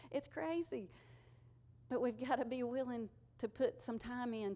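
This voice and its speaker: Woman preacher, slightly high voice, earnest and conversational sermon delivery. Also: darkish tone. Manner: conversational, earnest, uses y'all.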